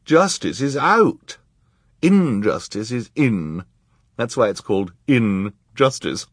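A man's voice: medium pitch, very animated, takes it slowly, breathy edge, no room sound, studio quality, voice pushed up, full character voice. A man voicing a vain, pouting fashionable woman in a storybook reading, in a raised, haughty voice. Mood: pouty. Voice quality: pouty, haughty.

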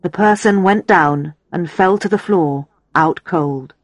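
A woman narrating a story in a steady storytelling manner. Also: lowish voice, takes it slowly, dry recording. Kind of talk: audiobook narration.

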